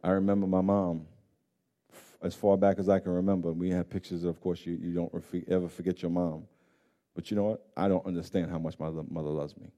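A man preaching a sermon as pastor. He swings from hushed, intimate words to loud, pleading emphasis and repeats phrases to drive them home. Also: sits low, flat delivery, a little fast. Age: adult parent of grown children.

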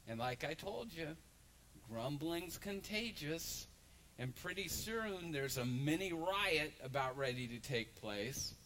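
A man, a pastor, preaching a lively sermon in a church and acting out the voices of people in the story. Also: a little high, normal speed, slight background noise, low-quality recording. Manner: animated storytelling, acts out crowd voices. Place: church sanctuary.

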